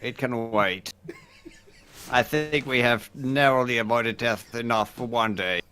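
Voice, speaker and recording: A man's voice: medium pitch, measured pace, pushed and bright, smooth, soft background music. A man playing in a tabletop game, talking in an amused way. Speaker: player. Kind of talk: casual tabletop play.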